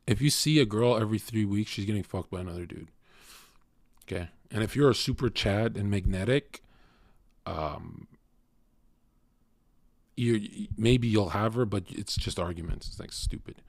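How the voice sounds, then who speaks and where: A man's voice: fairly low pitch, normal speed, vocal fry, a little mellow, no room sound, clean studio sound. A young man streaming and lecturing his chat in a crude, cocky, swearing monologue. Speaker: livestreamer talking to chat. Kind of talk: casual blunt stream monologue.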